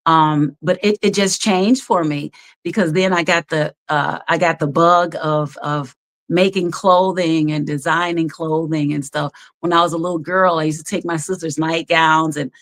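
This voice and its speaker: A woman who works as a background actor, telling stories in an animated, chatty way as a talk-show guest, often laughing. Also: low-pitched, moderate pace. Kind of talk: casual storytelling chat.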